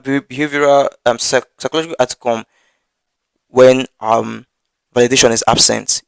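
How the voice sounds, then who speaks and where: A man preaching about scripture in an earnest, halting way, tripping over words and repeating them as he goes. His voice sits at an ordinary middle pitch. The sound is dry and close, with little room echo. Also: vocal fry, clear, resonant tone. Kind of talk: Bible teaching.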